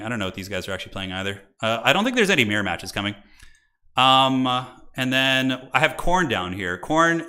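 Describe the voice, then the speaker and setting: Male streamer-caster, chatty live commentary, lively pitch swings, bright forward tone. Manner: animated, chatty, talks to viewers in chat.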